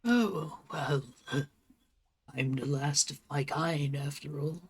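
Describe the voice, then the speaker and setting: A game master voicing an ancient, courteous male turtle mutant who leads the mutant colonies, speaking slowly and formally. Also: medium pitch, husky. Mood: polite.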